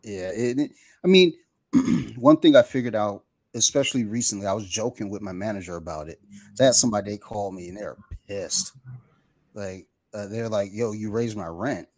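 A man with a fairly low voice talks fairly quickly, recorded with no room sound. In casual conversation he tells a rambling, profane story, swearing and acting out the people on the phone.

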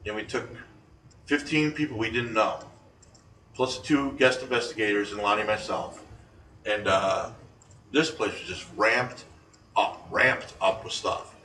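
A man co-hosting a chat show about paranormal investigations, telling rambling, animated stories full of restarts. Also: mid-range voice. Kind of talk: casual radio-style chat. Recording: echoey room, distant from mic, faint noise.

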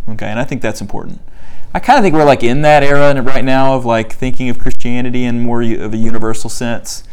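A man's voice: medium pitch, fairly even intonation, fast, clean tone. A young man leading a book discussion in a loose, conversational way, with many fillers, who reads quotes aloud. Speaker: study group leader. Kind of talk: casual teaching talk.

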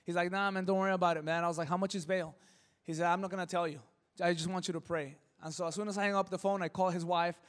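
A pastor telling a personal story in a sermon, lively, acting out the voices in it. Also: male voice, sits high, fast, big-room sound. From Southern California. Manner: animated, acts out voices in his stories. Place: church hall.

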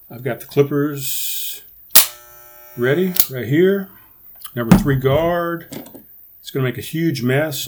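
A man's voice: mid-range voice, noisy background. A man in a mid-range voice hosts a casual solo podcast. He rambles, restarts his sentences and swears freely, talking close to a podcast microphone. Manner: rambling and profane, with many restarts. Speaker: podcast host.

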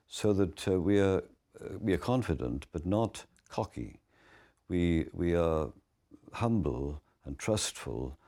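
Deep, mellow man giving measured answers. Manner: measured and thoughtful. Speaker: interviewee. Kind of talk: reflective interview answer.

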